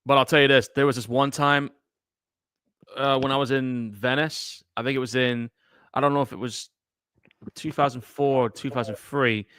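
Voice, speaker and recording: A laid-back man chatting through a movie watch-along. His voice sits at a middle pitch, and he is relaxed and conversational as he tells a story. The recording is dry and close. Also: normal speed, clear, resonant tone, no echo. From United Kingdom. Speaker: podcast co-host.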